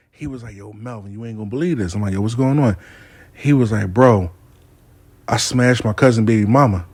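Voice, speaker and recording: A man's voice: mid-range voice, darkish tone, husky. A man telling a casual story, acting out both sides of a dialogue. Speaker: storyteller host.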